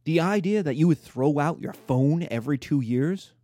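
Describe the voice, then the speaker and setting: A middle-aged man giving a lively, emphatic history lecture. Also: a little high, normal speed, no room sound. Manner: animated, emphatic, mimics voices in quotes.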